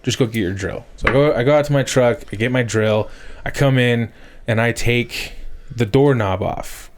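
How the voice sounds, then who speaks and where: A man, a podcast co-host in his thirties, telling a story in casual chat, swearing a lot and getting loud as it builds. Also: medium pitch, normal speed, clean tone. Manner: animated storyteller, swears often, rising to shouts.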